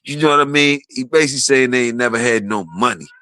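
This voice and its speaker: A man on a livestream, rambling in casual chat with profanity, often laughing and quoting others with animated, raised delivery. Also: mid-range voice, quick pace, dry recording, low-quality recording. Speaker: streamer host.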